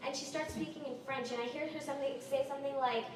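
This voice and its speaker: A teenage girl rambling through a stand-up story at an open mic, her voice on the high side. She is heard from far off, with heavy echo filling the room. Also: steady tone, fast, few pauses. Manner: rambling, many likes and ums. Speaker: stand-up performer.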